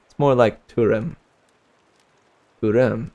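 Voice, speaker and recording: A young man in his twenties chats with his livestream viewers between chapters. He talks slowly and rambles, with slangy asides and frequent laughs. His voice carries a gravelly, creaky texture. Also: medium pitch, darkish tone. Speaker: livestream book reader. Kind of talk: casual chat with viewers.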